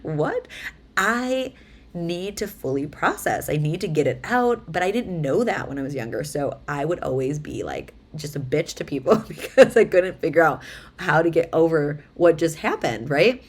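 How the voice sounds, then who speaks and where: A woman in her thirties, a mother, talking casually to camera in a chatty, animated way, acting out quotes as she tells stories. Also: low-pitched, moderate pace, slightly rough. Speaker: vlogger.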